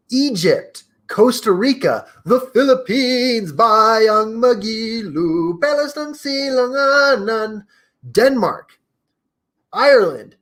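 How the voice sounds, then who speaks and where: A man's voice: high voice, a bit bright. A man hosting his own podcast, chatting casually to his listeners, stumbling over names and laughing at himself. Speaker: podcast host. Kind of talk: casual solo talk to listeners.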